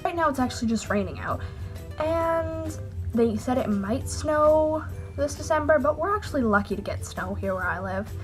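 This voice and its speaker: A woman's voice: sits high, animated, moderate pace, faint music behind. A woman vlogging to camera in a chatty, rambling, jokey way, sounding a little sick with a cold. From Canada. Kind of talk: casual chat to camera.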